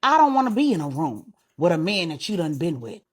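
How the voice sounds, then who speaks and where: A woman voicing a hot-tempered young husband who talks loud and blunt in street slang. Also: on the high side, sing-song, brisk, slightly rough. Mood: indignant.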